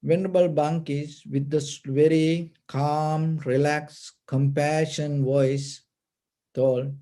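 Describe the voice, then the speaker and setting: A man giving a dharma talk, telling a story slowly and patiently in simple, plainly phrased English. His voice sits high for a man, with a mellow, dark tone, and his delivery is very unhurried. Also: little pitch movement. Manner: slow, patient, simple non-native phrasing. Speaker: meditation teacher.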